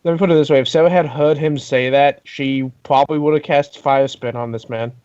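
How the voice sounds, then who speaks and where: A man playing a tabletop role-playing game, narrating deliberately and correcting himself. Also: mid-range voice, steady tone, a little mellow, dull audio. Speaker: player.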